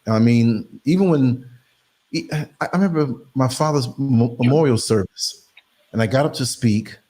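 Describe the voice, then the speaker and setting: This middle-aged New York City man hosts a podcast in a medium-pitched voice, chatting casually. He tells stories animatedly, acting out the voices of the people he quotes.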